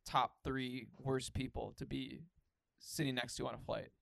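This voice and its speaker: A man's voice: medium pitch, flat delivery, normal speed, gravelly, a bit bright, no room sound. A young man co-hosting a podcast in casual chat, rambling with many fillers. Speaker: podcast co-host.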